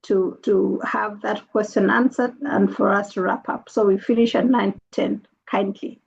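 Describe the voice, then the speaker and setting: A woman moderating an online session who speaks briskly and politely to keep things on time. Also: medium pitch, fairly even intonation, creaky, breathy edge, lo-fi sound.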